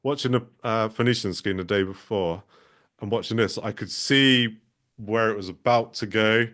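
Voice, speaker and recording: Man, lowish voice, film podcast co-host, hesitant, thinking aloud. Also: moderate pace, fairly bright tone. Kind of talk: casual film chat.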